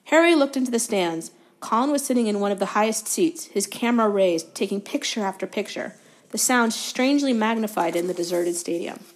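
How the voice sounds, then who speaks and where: Brief: woman guest reader, calm steady book narration, occasional stumbles corrected. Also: medium pitch, fairly quick. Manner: steady storytelling, fillers of self-correction. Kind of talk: reading a novel aloud.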